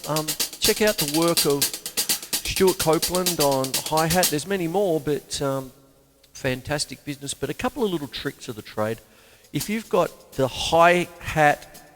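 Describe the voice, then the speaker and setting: An older man, giving a casual spoken drum lesson, chatty and self-mocking with sudden loud exclamations. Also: fairly high pitch. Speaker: drum teacher. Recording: drum studio with long reverb and loud drums.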